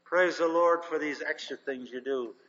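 A man's voice: on the high side, normal speed, fairly bright tone, a little hiss or hum. Folksy older man preaching in a hall. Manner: folksy, anecdotal, emphatic. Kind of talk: sermon storytelling. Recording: dull lo-fi recording in a reverberant hall.

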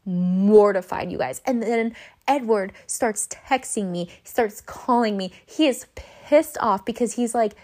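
A woman's voice: mid-range voice, unhurried, a little mellow. A young woman hosting a podcast, telling a personal story casually and animatedly, swearing and acting out her own panicked lines. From Southern California. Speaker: podcast host.

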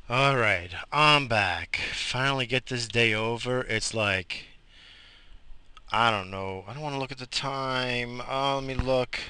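A man's voice: mid-range voice, normal speed, bright, forceful tone, a little hiss or hum. A young man, talking outdoors at night in a rambling, griping monologue full of swearing. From Atlantic coast of the US. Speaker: vlogger.

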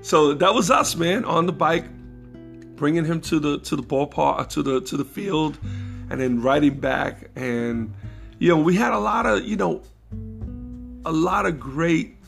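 A middle-aged man with an extremely gravelly, fry-laden voice, pitched a bit high for a man. He rambles through family stories, laughing between them and leaning on fillers. Soft guitar music sits faintly behind. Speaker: podcast host. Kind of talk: casual storytelling monologue.

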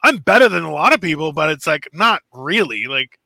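A man's voice: on the high side, fairly quick, creaky, dry recording. A Canadian man co-hosting a podcast, ranting and joking with lots of swearing in casual chat. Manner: animated, swearing, jokey rants. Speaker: podcast co-host.

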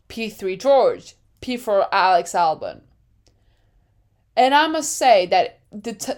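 A woman's voice: medium pitch, darkish tone. A woman hosting a podcast with casual, dramatic chat. She often laughs at her own jokes. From France. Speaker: podcast host.

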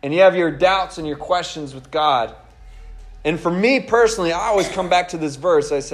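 A man preaching a casual, animated sermon, laughing and acting out the people he quotes. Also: sits high, normal speed.

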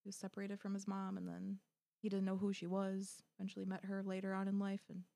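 Gravelly-voiced woman co-host. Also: mid-range voice, monotone, quick pace, mellow, dry recording. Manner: unsure, rambling recall with fillers. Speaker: podcast co-host. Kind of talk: casual chat.

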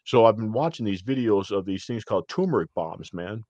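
A man's voice: fairly low pitch, brisk, no room sound, dull audio. A middle-aged man hosting a podcast, chatting casually and rambling through stories, sprinkling his talk with "man" and "dude". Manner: rambling, animated storytelling with frequent "man" and "dude". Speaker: podcast host. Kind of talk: casual chat.

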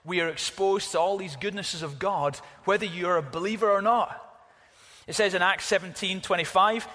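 Emphatic preacher in a hall. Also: male voice, high voice, moderate pace. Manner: animated storytelling, emphatic. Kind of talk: sermon.

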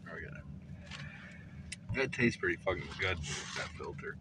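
Profane young man telling loud stories. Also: deep voice, animated, moderate pace. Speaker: storyteller among friends. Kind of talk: casual chat while smoking. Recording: noisy, from a bit off the mic.

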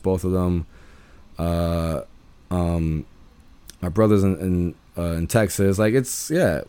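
A man's voice: low-pitched, warm tone, no room sound. A young man talking casually and at length, laid-back and rambling, filling gaps with "you know" and the odd curse. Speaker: speaker sharing views on dating and family. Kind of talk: casual monologue.

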